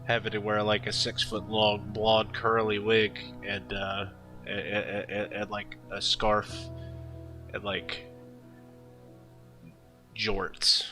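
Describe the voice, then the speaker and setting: A man's voice: fairly low pitch, completely flat delivery, slow pace, long pauses, music in the background, poor audio. A young man telling a story while drawing, rambling and laughing often, full of fillers and restarts. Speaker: artist streaming while drawing.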